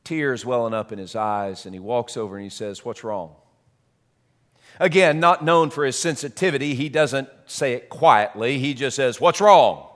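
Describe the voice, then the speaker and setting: A man preaching a sermon as a story, dramatic, swinging between loud and soft. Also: medium pitch. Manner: dramatic, shifts loud and soft, repeats words.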